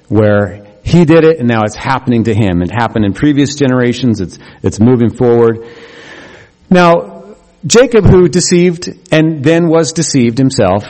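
Male pastor, conversational sermon with jokes, mid pitch, long hall reverb. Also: a little mellow. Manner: conversational and humorous, with quick asides.

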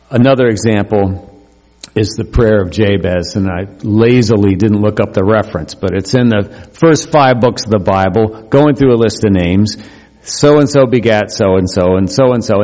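Middle-aged male pastor preaching, animated and emphatic, mid-pitched, long hall reverb. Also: normal speed. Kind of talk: sermon.

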